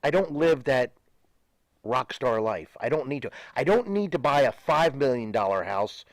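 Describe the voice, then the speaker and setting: A man's voice: mid-range voice, expressive, normal speed, no echo. An older man, a retired pro wrestler, ranting emphatically and with profanity as a guest in a studio interview.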